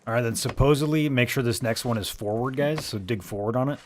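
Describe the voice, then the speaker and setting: A man's voice: mid-range voice, quick pace, a little hiss or hum. A man hosting a game stream, chatting with friends on voice chat and explaining what to do, laughing often. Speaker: stream host and game player. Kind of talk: casual gaming chat.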